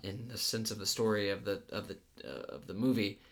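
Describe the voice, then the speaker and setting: Man, lowish voice, podcast co-host, rambling movie talk. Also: fairly quick. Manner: rambling, many fillers and restarts. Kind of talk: casual movie discussion.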